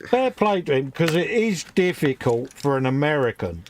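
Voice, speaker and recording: A man's voice: on the high side, very animated, normal speed, slight background noise. An English man co-hosting a casual live stream, easygoing and bantering. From England. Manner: easygoing, banters, calls people mate. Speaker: co-host.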